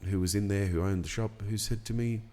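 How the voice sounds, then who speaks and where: A middle-aged man, telling a personal story in a casual podcast chat, unhurried and reflective with many pauses and ums. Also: on the low side, steady tone, dark tone. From Australia. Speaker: podcast guest.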